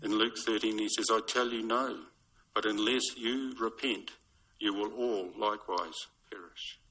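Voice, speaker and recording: A man preaching a sermon in a measured, storytelling way. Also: on the low side, fairly even intonation, bright, forceful tone, slightly rough, poor audio. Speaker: pastor.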